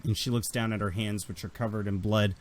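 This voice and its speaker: A man's voice: lowish voice, steady tone, fairly quick. A man narrating as game master in a tabletop game, telling the scene vividly and dramatically.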